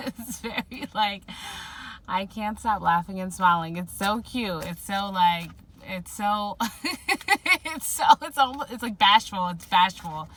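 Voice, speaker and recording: A woman's voice: mid-range voice, moderate pace, sharp tone. A woman giving a casual spoken tarot reading, rambling and giggly, full of fillers. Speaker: tarot reader.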